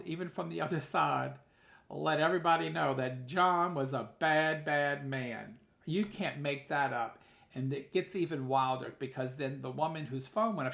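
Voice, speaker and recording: This podcast host and medium has a medium-pitched, creaky, fairly bright voice in a reverberant space. He's hosting a live stream, chatting casually and telling stories with plenty of restarts.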